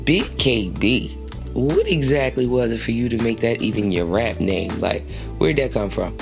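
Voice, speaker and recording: A woman's voice: extremely low pitch, animated, moderate pace, gravelly, over music. Laughing, slangy woman interview host. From New Jersey. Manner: playful, laughs often, slangy. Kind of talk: casual interview chat.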